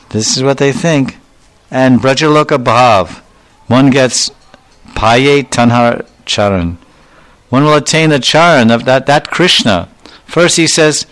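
A man's voice: medium pitch, moderate pace, a bit bright. A man teaching a devotional lecture, retelling scriptural dialogues and quoting verses in his storytelling. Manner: storytelling, acting out dialogue with quoted Sanskrit-Bengali terms. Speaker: spiritual teacher.

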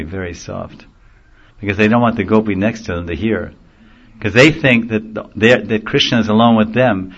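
A man teaching a devotional sermon in a gentle storytelling manner, chuckling now and then at his own jokes. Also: on the low side. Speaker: spiritual teacher. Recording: dull lo-fi recording.

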